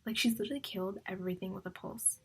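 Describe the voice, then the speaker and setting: A woman's voice: mid-range voice, steady tone, racing, creaky, slightly rough. A young woman chatting about her reading on a vlog, rambling and emotional, often dropping into a whisper. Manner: filler-heavy, repeats "like". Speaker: book vlogger. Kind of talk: casual reading vlog chat.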